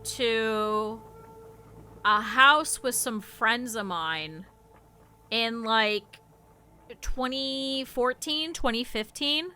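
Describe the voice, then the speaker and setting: A woman's voice: fairly high pitch, very slow, long pauses, pushed and bright, clear, resonant tone. A young adult woman streaming a game, chatting casually and rambling through stories with lots of laughter. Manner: rambling storyteller, laughs a lot. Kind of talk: casual chat while gaming.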